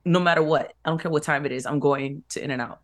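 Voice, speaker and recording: A woman's voice: low voice, quick pace. A woman co-hosting a radio show, talking in a sassy, blunt, laughing way. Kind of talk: casual radio banter.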